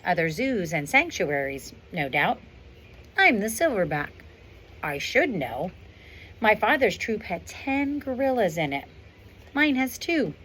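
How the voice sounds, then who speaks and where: A woman's voice: medium pitch, very animated, unhurried, a bit bright. A woman reading aloud as a proud, dry-humored male silverback gorilla narrating his storybook life, outdoors on a windy day. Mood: wry. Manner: wry, understated storybook narration.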